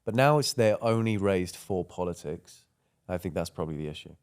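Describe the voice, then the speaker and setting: A man's voice: deep voice, animated, fairly quick, a little mellow, clean tone. A man co-hosting a podcast in casual chat, easygoing, agreeing a lot and chiming in. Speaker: podcast co-host.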